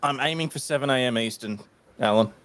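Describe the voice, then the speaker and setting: Australian man, casual co-host, blunt, joking, mid-pitched voice. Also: a little fast, a bit bright. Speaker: streamer and co-host. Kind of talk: casual chat.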